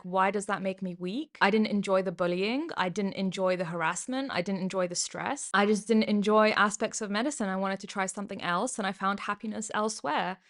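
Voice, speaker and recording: Give me a young British woman reading comments aloud and laughing them off. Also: mid-range voice. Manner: amused, laughs often, chatty. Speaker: YouTuber and former doctor. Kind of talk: casual reaction vlog, reading comments aloud.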